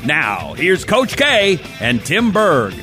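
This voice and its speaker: Upbeat intro guy, bouncy pitch, guitar music behind. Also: huge pitch swings, slow. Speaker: podcast announcer. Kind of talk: show intro over music.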